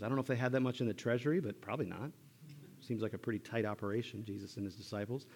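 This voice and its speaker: Low-voiced pastor preaching, animated. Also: male voice, very fast, breathy edge. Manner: conversational and animated, acting out voices of the disciples. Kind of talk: sermon. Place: church. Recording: church hall with long reverb.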